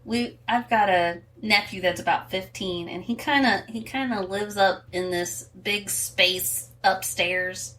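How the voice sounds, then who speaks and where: A woman co-hosting a podcast in casual chat, easygoing and chiming in with quick quips. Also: mid-range voice, fairly even intonation, fairly bright tone, distant mic, a little hiss or hum. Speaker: podcast co-host. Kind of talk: casual chat over wine.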